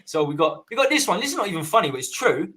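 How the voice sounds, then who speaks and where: A man hosting a live fan podcast, relaxed and hesitant with fillers. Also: high voice, very fast. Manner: relaxed, hesitant with ums, chuckling. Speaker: podcast host. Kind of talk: live-stream chat.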